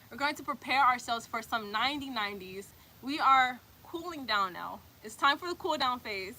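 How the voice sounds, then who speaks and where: A woman's voice: on the high side, bright, forceful tone, slight background noise. A woman guiding a yoga class, cueing breaths and poses while doing them herself, a little out of breath, encouraging and casual. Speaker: yoga instructor.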